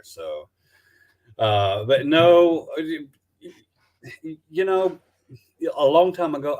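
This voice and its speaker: Brief: Alabama man, Southern accent, mid-pitched, halting and chatty on a video call. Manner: halting, many restarts and fillers. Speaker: documentary filmmaker guest. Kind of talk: casual live-stream chat.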